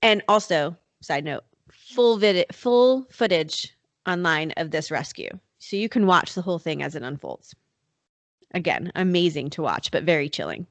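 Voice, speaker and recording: A woman with a slightly low voice tells a true-crime story to her co-host in a loose, conversational way, full of fillers. The sound is dry and close, with no room echo. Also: sing-song, normal speed. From North Carolina. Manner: chatty, many fillers like "like" and "you know". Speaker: podcast host.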